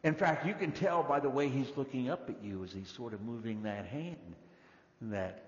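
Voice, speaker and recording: A man preaching a sermon in an animated way, his delivery moving between loud and hushed. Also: medium pitch, normal speed. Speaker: pastor. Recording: dull echoey hall recording.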